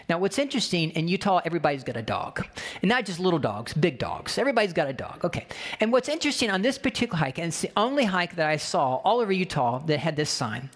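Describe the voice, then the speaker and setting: A man preaching a sermon through a personal story, talking casually and animatedly, often asking his listeners "right?". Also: high voice. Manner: conversational, animated, with frequent rhetorical "right?". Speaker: pastor.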